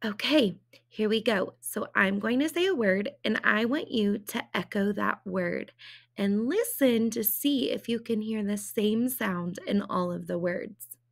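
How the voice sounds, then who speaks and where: A woman's voice: medium pitch, measured pace, gravelly. A woman teacher giving a phonics lesson to young children, drawing out sounds and asking cheerful, encouraging questions. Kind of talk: early-reading phonics lesson.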